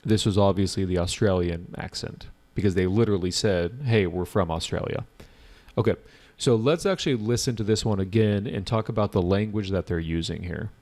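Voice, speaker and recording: Low-voiced man teaching exam prep. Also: brisk, few pauses, a little mellow. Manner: casual, explanatory, talks to viewers directly. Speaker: IELTS teacher. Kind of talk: online exam prep lesson.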